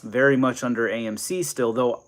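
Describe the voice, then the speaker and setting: A man's voice: mid-range voice, fairly even intonation, moderate pace, fairly bright tone. A young man from New Jersey hosting a casual live stream, rambling and chatting while he reads viewer comments and greets people.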